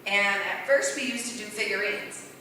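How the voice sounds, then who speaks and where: A woman doing rambling, self-deprecating stand-up at an open mic night in a bar, with a voice she calls deep. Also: moderate pace, pushed and bright, slight background noise. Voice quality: deep-sounding voice. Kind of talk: stand-up comedy. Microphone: stage mic in a bar. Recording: roomy hall, voice from far off.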